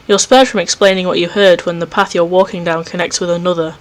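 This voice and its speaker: Male let's play host, reads horror game narration aloud, easily spooked, quick self-mocking asides. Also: high-pitched, level tone. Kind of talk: reading a visual novel aloud with commentary. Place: home recording setup.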